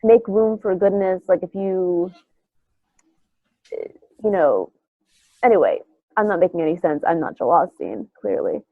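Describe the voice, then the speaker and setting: A woman's voice: fairly low pitch, animated, unhurried, long pauses, no room sound. A woman with a nasal voice that sounds like she has a cold, chatting in a loose, rambling way. Her speech comes through a tinny, phone-like line, and the sound is dry and close. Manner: rambling, full of fillers and restarts. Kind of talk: casual chat.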